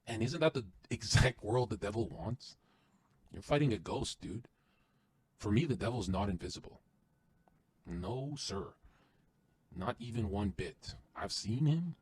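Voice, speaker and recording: A man guesting on a podcast, delivering an intense, profane motivational rant that swings from loud to hushed. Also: lowish voice, animated, a little slow, pauses often, husky, no room sound.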